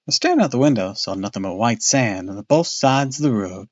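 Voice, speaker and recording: A man's voice: mid-range voice, lively intonation, fairly quick, hardly any pauses, dry recording. Man, streamer, casual read-aloud, kids' horror book, small slips, dry close mic. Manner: casual reading with slips and restarts.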